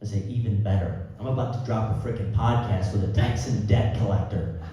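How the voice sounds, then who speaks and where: A man performing a live stand-up set of deadpan one-liners, now and then jumping into high-pitched outbursts. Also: a little fast, muffled recording. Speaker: stand-up comedian. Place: theater stage before a live audience. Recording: roomy hall audio from a distance with crowd. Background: audience laughter.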